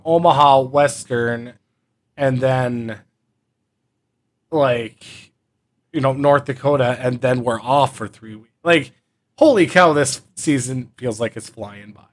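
A man's voice: medium pitch, slow pace. A man co-hosting a casual sports chat, rambling with lots of fillers. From Upper Midwest. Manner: filler-heavy, meandering delivery. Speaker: podcast co-host.

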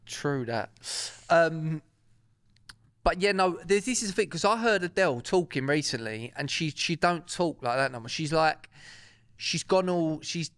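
A man's voice: on the high side, moderate pace, fairly bright tone, smooth, no echo, clean studio sound. A young man, chatting casually and laddishly as a podcast co-host. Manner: chatty, laddish, swears freely. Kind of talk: casual banter, reading gossip news aloud.

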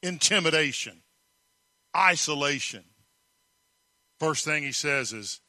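A man's voice: a little high, expressive, a little slow, pushed and bright, no echo. A man preaching a sermon, telling stories emphatically and asking rhetorical questions. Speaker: pastor.

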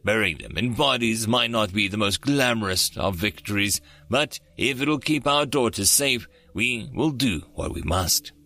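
A man voicing a calm, pragmatic female alien advisor who speaks quietly. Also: on the low side, measured pace, few pauses, exaggerated voice. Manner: quiet, soft-spoken.

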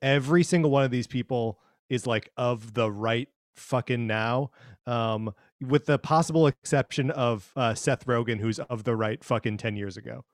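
A man's voice: medium pitch, moderate pace, no echo, clean studio sound. A man co-hosting a podcast, wry and casually swearing in chat. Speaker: podcast co-host.

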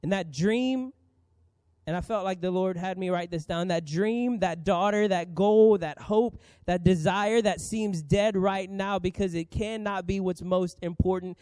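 A man in his thirties preaching a sermon as pastor, earnest and emphatic with dramatic pauses. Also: sits high, a little mellow, clean tone, dry recording.

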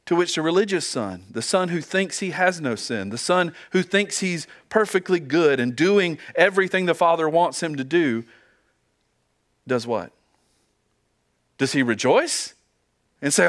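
Earnest male pastor preaching, higher voice. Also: animated, moderate pace, fairly bright tone. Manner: earnest, asks rhetorical questions, stumbles and repeats words. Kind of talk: sermon.

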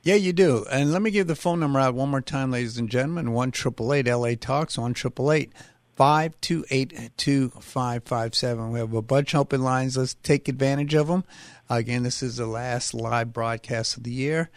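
A man hosting a call-in radio show, reading out the phone number in a brisk announcer manner and taking the next caller. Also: mid-range voice, no echo. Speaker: radio host.

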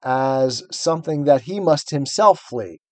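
Man, podcast co-host, earnest book talk, slightly high voice, dry close sound. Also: unhurried, a little mellow, no room sound. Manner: earnest, explanatory, emphatic. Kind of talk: casual book discussion.

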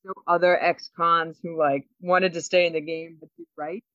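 A woman co-hosting a podcast, telling a story with lots of laughs and quick asides. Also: lowish voice, flat delivery, fairly bright tone, no room sound, muffled recording. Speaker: podcast co-host. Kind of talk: casual chat.

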